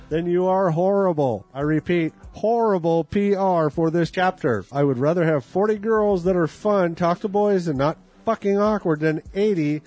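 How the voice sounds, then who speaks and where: A man's voice: on the high side, darkish tone. A man performing a comic dramatic reading of an angry email, delivering it as a furious, profane rant. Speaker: reader.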